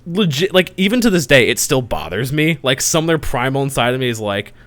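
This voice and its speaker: A man's voice: medium pitch, very animated, brisk, a bit bright. A young man on a casual podcast, telling a story, swearing and laughing as he gets worked up. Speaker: podcast co-host.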